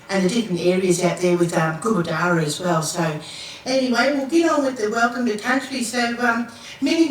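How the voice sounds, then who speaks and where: An older Australian woman gives a Welcome to Country to an audience, telling a creation story in a relaxed, rambling way and asking listeners to repeat words after her. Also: mid-range voice. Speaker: Aboriginal elder giving a Welcome to Country. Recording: echoey hall from far off, faint noise.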